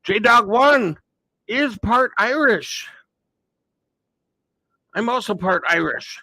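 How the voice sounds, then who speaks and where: A man's voice: sits high, lively intonation, drawn-out words, pushed and bright, dry recording. A man hosting a casual livestream, chatting with viewers by name and calling a mock race. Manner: chatty, greets viewers by name, thinks aloud. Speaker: livestream host.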